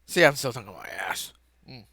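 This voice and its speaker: A man giving a casual, rambling home-made lesson, correcting himself as he goes and sometimes bursting out loudly. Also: medium pitch, expressive, quick pace, gravelly, breathy edge, no room sound. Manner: casual, self-correcting, laughs at own mistakes, sudden loud outbursts. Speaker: lesson presenter.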